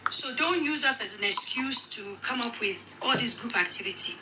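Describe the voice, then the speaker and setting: A woman with a Nigerian accent, telling her own account as a widow, animated and quoting others in dialogue. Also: fairly high pitch, normal speed, over loud music, poor audio. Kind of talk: emotional personal account.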